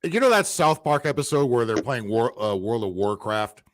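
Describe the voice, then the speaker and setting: A man's voice: medium pitch, very animated, normal speed, no room sound, clean studio sound. A middle-aged man, a gamer guest on a casual livestream, grumbling and profane. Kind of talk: casual stream chat.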